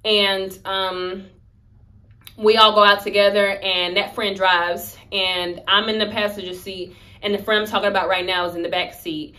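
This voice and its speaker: Animated young woman telling a story. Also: mid-range voice, normal speed. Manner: animated, slangy, acts out quoted lines. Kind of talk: casual storytime chat.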